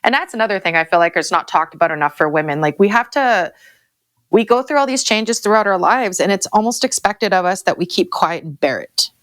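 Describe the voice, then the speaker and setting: A woman's voice: medium pitch, expressive, a little fast, fairly bright tone, dry recording, studio quality. A woman in her forties with a Canadian accent, a farmer speaking openly and emotionally as a podcast guest. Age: 40s. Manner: emotional, open, repeats herself. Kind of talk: candid interview talk.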